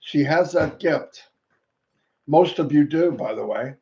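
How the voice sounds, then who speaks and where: A man with a somewhat high, mellow voice welcomes viewers by name on a live stream, slow and unhurried. He drops playful sing-song call-outs and rhymes between names. The audio sounds dull and lo-fi. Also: animated, vocal fry. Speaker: host greeting viewers.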